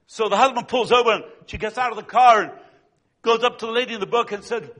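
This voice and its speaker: A man preaching a sermon as a pastor, telling stories with swings between loud and hushed delivery. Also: sits high, fast talker. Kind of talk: sermon with storytelling.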